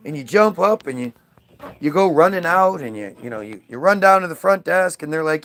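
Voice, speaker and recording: A man telling a swearing, animated story, acting out the lines of the people in it. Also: a little high, a little fast, gravelly. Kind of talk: profane anecdote with acted-out voices.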